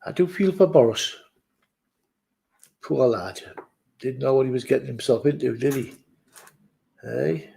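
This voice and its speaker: A man's voice: mid-range voice, unhurried, gravelly, long pauses, dark tone, rough recording. A man at his office desk, chatting casually to camera in a jokey, rambling way with muttered asides. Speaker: vlogger.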